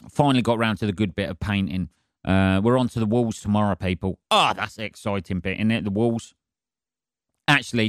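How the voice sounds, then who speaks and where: A man hosting his own podcast from his flat, rambling in a sweary, sarcastic way. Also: fairly low pitch, smooth, dry recording, studio quality. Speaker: podcast host. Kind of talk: solo podcast rant. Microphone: decent studio mic.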